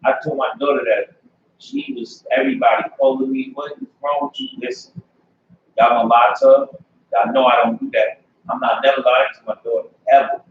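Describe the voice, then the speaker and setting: A man tells his story to a class in an emphatic, lively voice, with a gravelly edge and big pitch swings as he acts out other people's lines. He is far from the mic in a very echoey room, and the recording sounds dull and lo-fi with faint noise. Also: brisk. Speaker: class member giving testimony. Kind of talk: personal testimony in a class.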